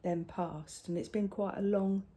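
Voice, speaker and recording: An older woman, chatting casually at home as a crafting vlogger, rambling, with soft hushed asides. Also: mid-range voice, steady tone, measured pace. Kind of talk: casual chat showing crafts.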